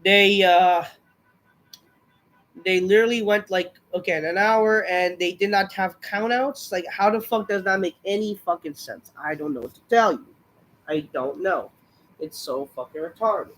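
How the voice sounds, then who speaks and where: A man's voice: sits high, a little slow, fairly bright tone, a little hiss or hum. A man reviewing a wrestling show in a rambling, frustrated rant, swearing often and sighing, unwell and short of breath. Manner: profane, frustrated, rambling with sighs.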